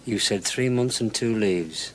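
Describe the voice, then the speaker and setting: A man's voice: lowish voice, measured pace, a little hiss or hum, natural voice, low-quality recording. An actor playing a tipsy, blunt man flirting with a woman in a 1970s television drama. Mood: blunt, flirty. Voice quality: blunt, dry, plain-spoken.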